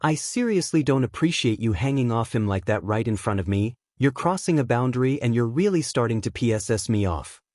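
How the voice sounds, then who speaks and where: A man voicing a blunt, sarcastic teenage boy who flatly defends his boyfriend in a deadpan way. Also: medium pitch, fairly quick, hardly any pauses, no echo, clean studio sound, natural voice. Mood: deadpan anger.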